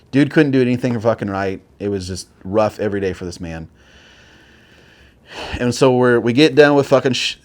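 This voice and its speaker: A man's voice: on the low side, darkish tone. A man in his forties, a military veteran telling his stories casually as an interview guest, profane and rambling with lots of filler words. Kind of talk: casual war storytelling.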